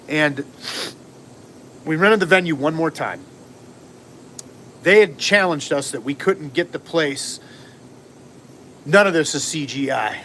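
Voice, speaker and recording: Guy rambling through an old story on a livestream, kinda high voice, bit of hiss behind him. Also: normal speed, long pauses. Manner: rambling, animated, acts out quotes. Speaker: vlogger telling a story.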